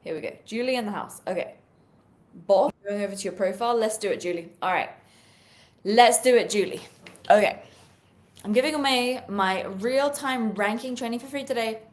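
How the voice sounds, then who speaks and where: Chatty British woman on a live stream. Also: on the high side. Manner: energetic, chatty, peppered with fillers. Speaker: social media sales coach. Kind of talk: live-stream talk to viewers.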